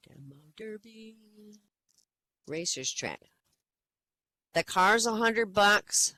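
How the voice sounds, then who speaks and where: A woman's voice: medium pitch, expressive, slow, sharp tone, rough recording. Chatty woman hosting an online comedy night. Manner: chatty, rambling, with hesitant fillers. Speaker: comedy open-mic host. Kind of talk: casual joke-telling. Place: online virtual-world voice chat.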